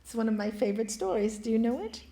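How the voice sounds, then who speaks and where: A woman's voice: fairly high pitch, lively intonation, fast. A woman giving an inspirational spiritual talk in a hall, telling stories and asking the audience questions. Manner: warm storytelling, asks the audience questions. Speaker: spiritual speaker. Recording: echoey hall.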